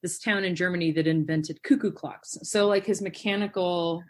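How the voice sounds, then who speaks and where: A woman's voice: lowish voice, moderate pace. A woman hosting a podcast in casual chat, telling stories animatedly with lots of fillers. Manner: animated storyteller, many "like" and "um" fillers. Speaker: podcast host.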